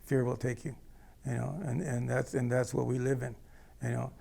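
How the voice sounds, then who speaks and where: A man's voice: mid-range voice, level tone, moderate pace, gravelly, mellow. A man from the United States telling a personal story in a blunt, rambling way, often checking in with the listener. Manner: blunt, rambling, checks in with "okay?" and "you know". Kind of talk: casual spoken storytelling.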